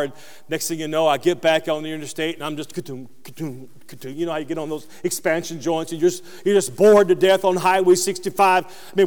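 A man preaching a sermon as pastor, dropping low and quiet, then rising into loud, high peaks. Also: big-room sound.

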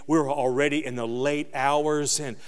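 A man preaching a sermon as pastor, dropping low and quiet, then rising into loud, high peaks. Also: level tone, moderate pace, clean tone, long reverb tail.

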